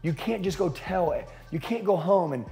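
Male sales coach, fired-up and foul-mouthed, fairly high and warm, faint music underneath. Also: normal speed, gravelly. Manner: profane, intense, punchy. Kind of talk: motivational talk to an audience.

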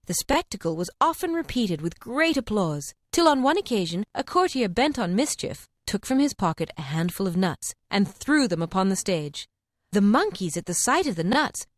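Brief: female audiobook narrator, expressive storybook reading, animated intonation. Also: mid-range voice, no echo, studio quality.

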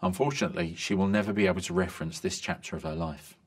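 A man reading a string of medical jokes in a lively delivery. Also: low voice, fast talker. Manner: lively joke delivery, bright voices for quoted lines.

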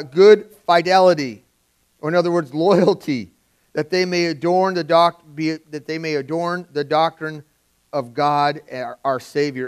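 Conversational pastor, slightly high voice. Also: male voice, clean tone. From California. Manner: conversational preaching, swings from loud emphasis to quiet. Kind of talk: sermon.

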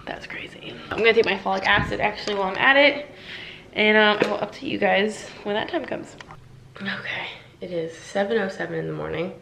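A woman's voice: mid-range voice, vocal fry, a bit bright, a little hiss or hum. A young woman vlogging casually at home, chatty and full of "like" fillers. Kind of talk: casual personal vlog.

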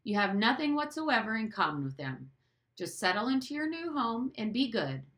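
A woman's voice: on the high side, sing-song, pitched above the performer's own voice. A woman reading as a cold, stern father. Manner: measured, quiet, authoritative. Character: stern, cold middle-aged father, quietly commanding.

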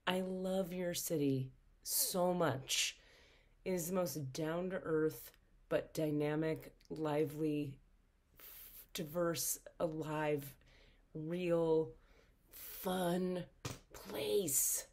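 Sleepy, breathy woman reading tarot cards. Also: sits low, drawn-out words, pauses often. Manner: chatty and animated, with many fillers. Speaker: spiritual teacher and energy healer. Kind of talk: casual tarot card reading to camera.

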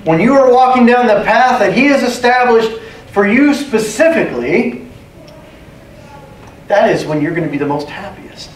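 In a church sanctuary, a pastor with a high-pitched voice preaches an emphatic sermon, repeating key phrases and calling for amens. The distant mic picks up an echoey room, faint ambience, and a little hiss or hum.

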